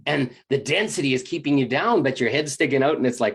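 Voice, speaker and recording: A spiritual teacher giving a motivational talk, acting out inner voices with gasps and lively swings in tone. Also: mid-range voice, fast, hardly any pauses, husky.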